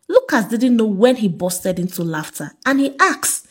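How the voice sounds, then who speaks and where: A woman's voice: fairly high pitch, big pitch swings, normal speed, hardly any pauses. A woman, narrating a story aloud expressively.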